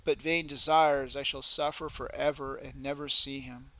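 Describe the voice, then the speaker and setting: A man's voice: medium pitch, level tone, moderate pace, pushed and bright, lightly acted, rough recording. A man reading the lines of a despairing male demon in hell in a solemn reading voice.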